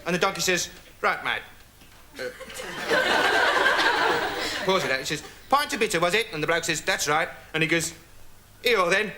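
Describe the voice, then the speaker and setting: An actor playing a dim young man who rambles through pointless stories in a deadpan comedy monologue, full of asides. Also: sits high, moderate pace, long pauses. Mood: rambling. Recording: loud noise with laughter over it.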